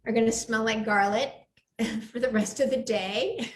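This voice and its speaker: Gushing cooking show hostess, echoey kitchen. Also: female voice, on the high side, measured pace, slight background noise. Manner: enthusiastic, gushing. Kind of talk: live cooking demo chat. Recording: echoey room.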